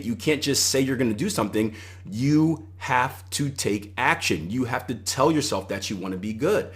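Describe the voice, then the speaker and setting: A middle-aged man hosting a solo podcast, giving conversational coaching advice and retelling anecdotes with animation. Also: mid-range voice. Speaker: podcast host and trading coach.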